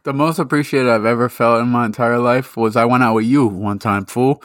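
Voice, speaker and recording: A man's voice: mid-range voice, steady tone, fairly quick, no room sound, clean studio sound. A man co-hosting a podcast in loose, casual chat, swearing freely. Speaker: podcast co-host.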